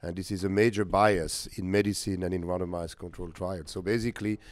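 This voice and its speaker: A man's voice: low voice, steady tone, fairly quick, no echo. A man chairing a conference discussion, blunt and skeptical, in slightly non-native phrasing. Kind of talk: panel discussion questioning.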